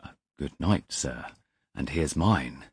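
A man voicing a troubled railway signalman who speaks low and grave, close to a whisper. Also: animated, slow pace, breathy edge, no echo, exaggerated voice. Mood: hushed. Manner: low, hushed, grave delivery. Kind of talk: audiobook character reading.

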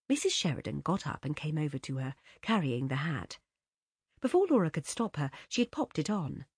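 A woman reading a literary story aloud as narrator in an expressive, measured way. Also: low-pitched, husky, dry recording, studio quality. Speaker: audiobook narrator.

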